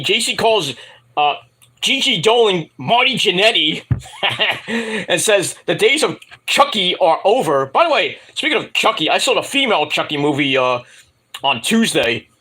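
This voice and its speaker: A man giving a rambling solo review of wrestling shows, acting out the wrestlers' lines in high mocking voices. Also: sharp tone, husky. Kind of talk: casual solo review monologue.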